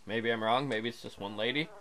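A man's voice: medium pitch, a bit bright. A man hosting a casual let's play, joking crudely and chatting to the characters on screen as he plays. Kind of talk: casual game commentary.

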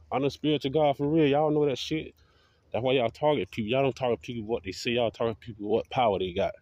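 A man's voice: medium pitch, a little fast, a little mellow, no room sound, lo-fi sound. A man vlogging in a combative, profane ranting monologue, talking defiantly. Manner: combative, defiant, heavy swearing.

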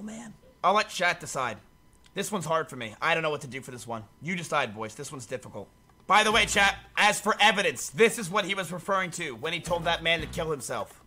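Bright-voiced animated male streamer. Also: on the high side. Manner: animated, swears freely, addresses chat. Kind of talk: casual livestream commentary.

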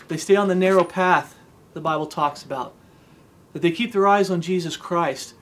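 A man with a notably high voice preaches a relaxed devotional sermon. He talks earnestly and plainly, reciting scripture in old-fashioned wording and pausing to ask his listeners "okay?". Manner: earnest, conversational, often checks in with "okay?"; recites King James scripture aloud.

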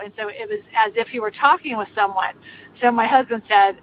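An older woman earnestly telling a personal ghost story in a casual, meandering way, with many pauses. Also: fairly high pitch, a little hiss or hum. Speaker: caller sharing a ghost story. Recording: slightly muffled, faint music behind.

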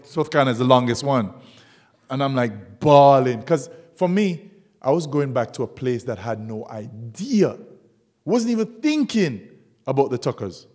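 Guy from jamaica giving a museum talk, lively storyteller, acts out the voices in his stories. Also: mid-range voice. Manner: animated storyteller who acts out dialogue. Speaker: guest speaker, documentary photographer. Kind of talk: public artist talk, storytelling. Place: museum lecture hall.

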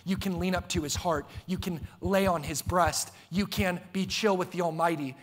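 A man preaching a sermon to a church congregation in a casual, slangy way, with big swings in pitch and loudness. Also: fairly even intonation, moderate pace, few pauses. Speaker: pastor. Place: church sanctuary before a congregation.

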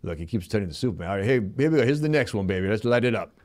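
A man's voice: on the low side, lively intonation, racing, a little mellow, lightly acted. A man doing a mumbling tough-guy show host. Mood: jokey. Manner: goofy, cheerfully bossing the sidekick and crew. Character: brash Stallone-style male talk-show host. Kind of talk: live comedy show character.

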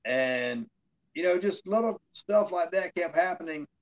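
A man's voice: high-pitched, lively intonation, a little slow, muffled recording. A man, a former wrestler telling long rambling stories in an interview, acting out what people said to him. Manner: rambling anecdotes with fillers, acting out quoted dialogue. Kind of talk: casual storytelling in an interview.

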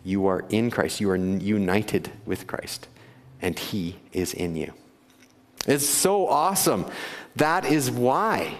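In a sanctuary where the hall's reverb trails on, a pastor preaches a conversational sermon, regularly laughing and questioning his congregation. He speaks slowly and expressively in a fairly low voice.

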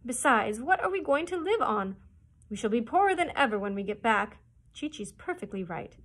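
A woman's voice: fairly high pitch, animated, a little fast, voice pushed up. A woman voicing a bossy female duck housekeeper who scolds and insists, reading a storybook aloud. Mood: scolding.

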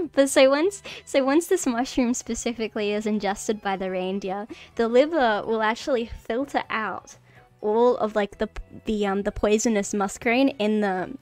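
A fairly high-pitched, slightly mellow woman's voice, unhurried in pace. She teaches mycology on a casual livestream with faint music playing, nervous and giggling as she rambles, restarts, and leans on fillers.

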